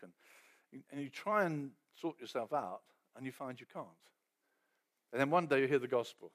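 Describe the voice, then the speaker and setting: With a medium pitch and moderate pace, this preacher keeps his sermon conversational and story-driven, frequently dropping to quiet asides and performing the voices of those he quotes.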